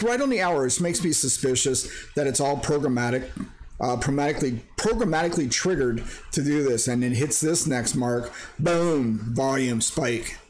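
A man's voice: a little high, slight background noise. A man in a casual, rambling screen-share vlog about crypto mining who jokes around and breaks into silly sing-song bits.

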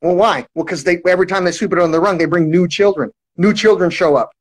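Guy with a pretty high voice ranting on a livestream, keeps restarting, swears a lot. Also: fairly even intonation, quick pace, husky, poor audio. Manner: repetitive restarts, heavy swearing. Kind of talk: rambling livestream monologue.

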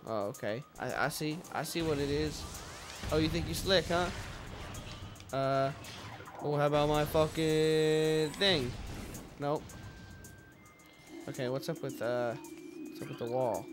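A man's voice: fairly high pitch, takes it slowly, pauses often, over music. A young man hosting a let's play, commentating with jokes, swearing and sudden yelps at the game. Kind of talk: gameplay commentary.

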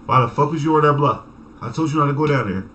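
A man voicing his own angry mother, a middle-aged woman who yells and curses at her son. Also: quick pace, highs cut off. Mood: angry scolding. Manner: yelling, cursing, high-pitched.

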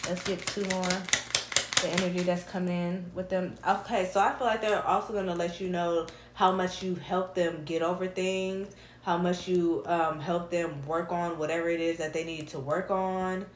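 A woman doing a casual tarot reading, animated and full of slang, laughing and humming between cards. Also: fairly low pitch, normal speed, echoey room, slight background noise. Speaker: tarot reader.

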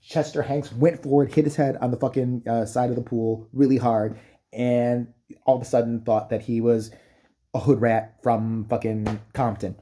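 A man's voice: medium pitch, flat delivery, moderate pace, dark tone, slightly rough. A man delivering a profane, mocking comedic rant, breaking into exaggerated impressions. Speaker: comedic commentator. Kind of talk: ranting comedic commentary.

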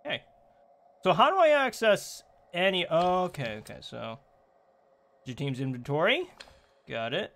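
A man's voice: sits high, sing-song, a little slow, gravelly, long pauses, a bit bright. A man streaming a game, reading its text aloud and answering viewer chat in a rambling way with many fillers and restarts. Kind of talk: casual live-stream chat while playing.

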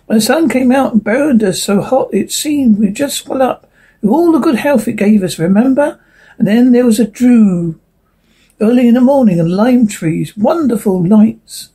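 A woman voicing a gentle, reassuring male autumn leaf in a storybook reading. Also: fairly high pitch, lively intonation, moderate pace, breathy edge, voice pushed up. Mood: tender. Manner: tender, soothing.

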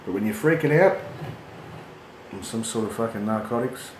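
A middle-aged Australian man tells a rowdy yarn in casual storytelling mode, swearing freely, animated, and breaking into laughs. His voice is lowish and his pace moderate. There's a roomy echo, and steady background noise is clearly audible.

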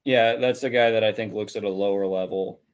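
A man's voice: fairly low pitch, fairly even intonation, a little fast, muffled recording. A man hosting a casual sports podcast, rambling and hedging with plenty of "you know" fillers. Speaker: podcast host.

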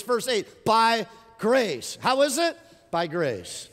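A middle-aged man preaching a sermon as pastor, telling stories in an animated way and rising to emphatic points. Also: sits high, takes it slowly. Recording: long hall reverb.

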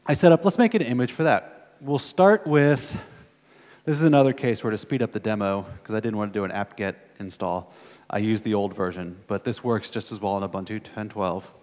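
American man, conference speaker, low voice, casual live demo, reverberant hall. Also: brisk, darkish tone. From United States. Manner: casual, thinking aloud while typing, many fillers. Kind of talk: live coding demo talk.

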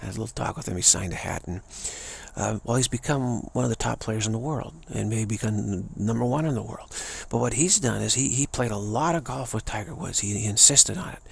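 Raspy gravelly guy rambling thru a talk, lots of restarts. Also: lowish voice, fairly quick. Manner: rambling, many restarts and stammers, laughs often. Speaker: spiritual teacher. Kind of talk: casual spoken talk.

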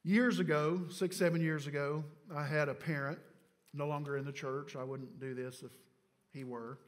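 A man with a high-pitched voice preaches a sermon in a church, his words trailing into a long hall reverb. He drops into hushed, quiet passages and then rises to shouted climaxes. He keeps turning to the congregation and calling for their response. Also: fairly even intonation, moderate pace. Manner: addresses congregation directly with calls for response. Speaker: pastor. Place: church sanctuary.

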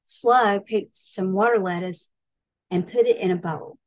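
Slow-reading woman librarian. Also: medium pitch, darkish tone, no echo. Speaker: children's librarian. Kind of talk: picture book read-aloud narration.

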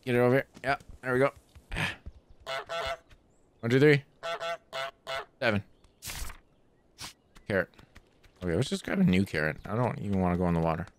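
A man hosting a gaming channel, giving playful, excitable let's play commentary full of trash talk. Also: lowish voice, normal speed, long pauses, a little hiss or hum.

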